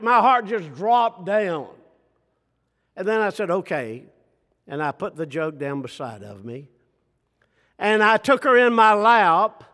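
An older man preaching a sermon, slow and emphatic, dropping to soft near-whispers and asking the congregation rhetorical questions. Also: high voice. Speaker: pastor. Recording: reverberant hall.

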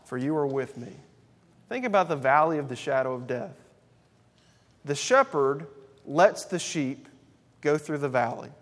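A man's voice: a little high, animated, a little slow, pauses often. Man preaching in an echoing hall. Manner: emphatic, builds to loud repeated lists. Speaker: pastor. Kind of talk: sermon.

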